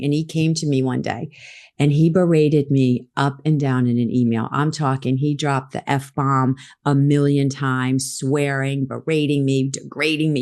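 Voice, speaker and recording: Low-pitched middle-aged lady telling a story on a podcast, acts out what people said. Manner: animated, acts out quoted lines. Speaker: podcast guest. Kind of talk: storytelling in a conversation.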